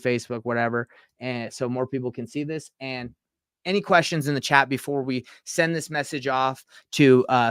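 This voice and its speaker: Thirtysomething guy teaching a live screen-share class, smooth clean voice, dry sound. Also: medium pitch, fairly bright tone, dry recording. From Utah, US. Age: 30s. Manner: casual, chatty, reads texts aloud and reacts. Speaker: real estate coach.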